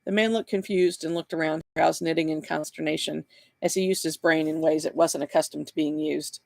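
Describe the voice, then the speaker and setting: A man reading his own novel aloud with steady, plain narration. His voice is gravelly, and the recording is close and dry. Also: on the high side, a little fast, no echo. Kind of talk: live book reading.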